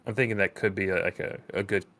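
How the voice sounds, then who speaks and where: A man's voice: on the low side, steady tone, quick pace, fairly bright tone. A man co-hosting a live stream, giving blunt, dismissive opinions on game trailers in casual chat. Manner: blunt and dismissive, many fillers. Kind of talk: casual gaming show chat.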